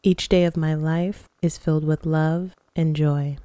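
A woman hosting a podcast who leads slow, calm breathing exercises and guided affirmations in a soothing manner. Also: deep voice, smooth, dry recording. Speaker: podcast host.

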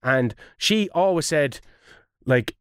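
A man's voice: on the high side, lively intonation, slow pace, clean tone, no room sound, studio quality. An Irish man co-hosting a casual podcast, swearing freely and carefully over-enunciating his "th" sounds. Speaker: podcast co-host. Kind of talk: casual chat about a football management game.

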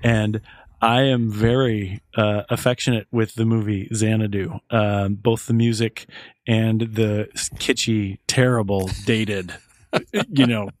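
A man co-hosting a film podcast, talking in a relaxed, wry and enthusiastic way. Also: lowish voice, takes it slowly, dry recording. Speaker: podcast co-host. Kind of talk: casual chat about films.

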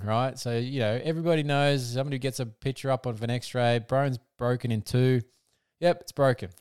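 A man's voice: mid-range voice, darkish tone, smooth, dry recording, studio quality. An Australian man hosting a motorsport podcast, blunt and casual, laughing often and swearing freely. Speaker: podcast host.

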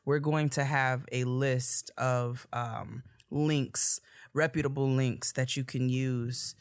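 A woman's voice: a bass voice, steady tone, clear, resonant tone. A woman co-hosting a podcast, talking in a loose casual way with frequent laughter and restarts. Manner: laughs often, drawn-out casual talk with restarts. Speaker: podcast co-host. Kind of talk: casual chat.

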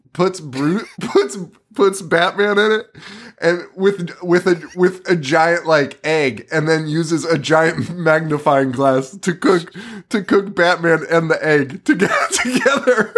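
A man co-hosting a casual podcast, his voice rising and falling in wide swings. He rambles through scene recaps, laughing often and cursing freely. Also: fairly high pitch. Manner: animated, laughing, profane storytelling. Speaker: podcast co-host. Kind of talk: casual film podcast chat.

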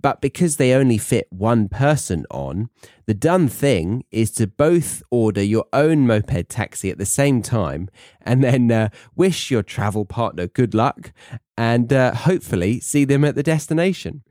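A man's voice: medium pitch, animated, measured pace, darkish tone, no echo, studio quality. A young British man hosting a podcast for English learners, telling a story in a chatty, self-mocking way with rambling asides. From England. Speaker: podcast host. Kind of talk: casual monologue for English learners.

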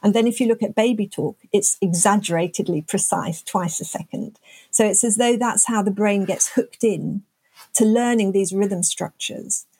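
A woman's voice: medium pitch, normal speed, mellow, slightly rough, no room sound. An older woman, a scientist guest, explaining her research thoughtfully in an interview. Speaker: neuroscientist guest.

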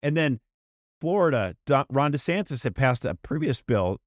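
Brief: male podcast co-host, mid pitch, animated and emphatic, dry close studio sound. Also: no room sound. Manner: fast, emphatic, animated with restarts. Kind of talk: casual political chat.

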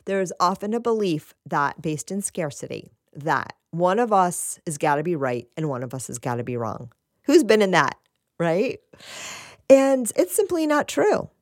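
A woman giving a gentle spiritual talk, repeating phrases and asking "right?", with a soft laugh now and then. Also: lowish voice, animated, normal speed, no room sound, clean studio sound.

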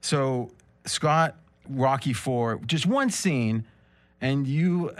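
Lively, chatty male podcast host. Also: mid-range voice, extremely slow. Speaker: sports betting podcast host. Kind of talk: casual chat.

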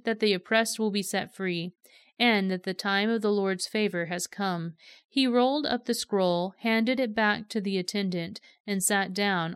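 Smooth-voiced woman reading scripture. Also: medium pitch, no echo, clean studio sound. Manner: steady, measured storytelling delivery. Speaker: scripture reader.

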